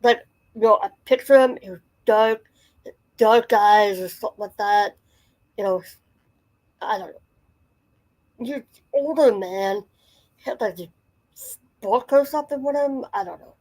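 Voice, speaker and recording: A woman's voice: on the high side, a little slow, long pauses, darkish tone, rough recording. A woman in her forties telling a personal story in a casual, rambling way, full of fillers and restarts. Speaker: channel host.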